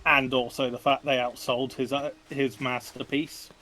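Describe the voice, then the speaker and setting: A man's voice: medium pitch, level tone, moderate pace, pushed and bright, a little hiss or hum. A man playing a game on stream, chatting casually with dry, opinionated jokes. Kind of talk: casual gaming stream chat.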